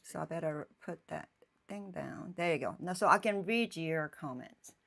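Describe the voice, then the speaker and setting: A woman painter chatting casually on a live stream from her home painting room, thinking aloud in halting phrases and often checking in with her viewers. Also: deep voice, creaky, fairly bright tone. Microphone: phone streaming live.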